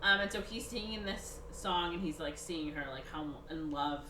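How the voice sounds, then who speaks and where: A woman hosting a podcast, casually retelling a film's plot and acting out the characters in quick put-on voices. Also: sits low. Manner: animated, acts out characters with quick voice shifts. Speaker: podcast host. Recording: echoey room, distant mic, faint hiss.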